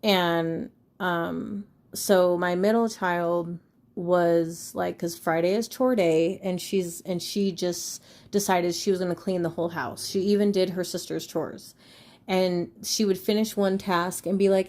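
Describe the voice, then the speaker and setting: A woman's voice: fairly low pitch, steady tone, unhurried, a little mellow. A woman in her thirties hosting a podcast, talking frankly and rambling in casual chat, with frequent swearing. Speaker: podcast host.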